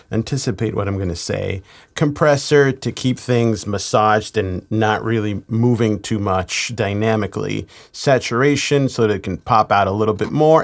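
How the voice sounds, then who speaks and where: A man working as a mix engineer, walking through a studio mixing tutorial in a relaxed, explanatory way. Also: fairly low pitch, creaky. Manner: relaxed, explanatory, chuckles now and then.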